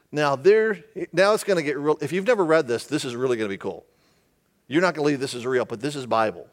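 A male pastor giving a humorous, conversational sermon, often asking the audience questions. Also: fairly high pitch.

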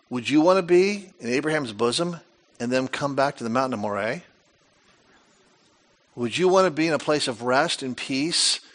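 A male pastor with a slightly high voice preaches by retelling scripture, animated and dramatic, firing off frequent rhetorical questions.

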